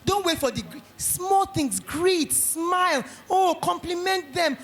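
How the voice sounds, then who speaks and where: A middle-aged woman with a Nigerian accent giving a lively motivational talk at an education conference, acting out little scenes. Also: very high voice, measured pace, echoey room. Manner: animated, acts out little scenes in quoted voices.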